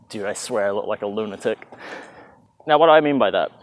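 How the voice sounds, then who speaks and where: Speaking fast and animatedly in a fairly low voice, a man teaches a casual dance routine outside in the heat. He keeps it loose and chatty, marking moves with "bah" counts, and occasionally moves away from his plugged-in microphone.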